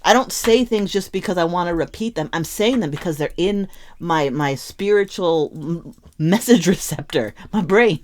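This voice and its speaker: A woman's voice: fairly low pitch, expressive, moderate pace, a little mellow. A young woman reading tarot cards to camera, sometimes muttering to herself, sometimes urging her listeners with strong emotion. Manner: emphatic, emotional, swings from muttering to impassioned urging. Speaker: tarot reader.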